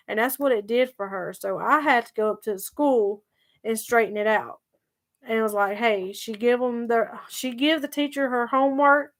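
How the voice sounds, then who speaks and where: A woman telling a story to her viewers in a chatty, emphatic way that circles back over the same points. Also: medium pitch. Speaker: vlogger. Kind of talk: casual storytelling vlog.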